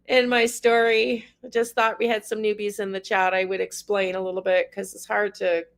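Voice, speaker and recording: A woman's voice: medium pitch, fairly even intonation, a little fast, gravelly, few pauses. A middle-aged woman hosting a livestream, crying and rambling as she talks to her viewers by name. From Canada. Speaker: tarot livestream host. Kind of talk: emotional livestream chat with viewers.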